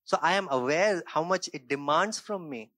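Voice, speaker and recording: A man delivers an earnest sermon in a somewhat high voice, dropping into quiet reflective passages before rising into emphatic bursts. He often checks in with his listeners, asking "right?" and "okay?" The sound is dry and close to the mic. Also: lively intonation, normal speed, no echo. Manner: shifts between quiet reflective stretches and raised emphatic bursts. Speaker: pastor.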